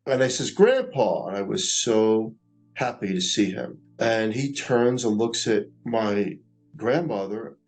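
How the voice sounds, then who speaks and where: Slow, earnest New man. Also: fairly low pitch, low-quality recording. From Staten Island, New York. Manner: slow, earnest, reflective recounting. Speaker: near-death experiencer. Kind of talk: personal storytelling.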